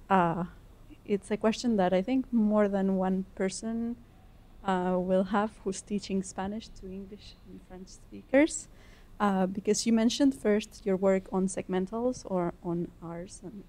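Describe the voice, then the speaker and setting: Mellow-voiced woman asking a long question. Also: mid-range voice. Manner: wordy, self-deprecating question. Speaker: audience member, Spanish teacher. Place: lecture hall.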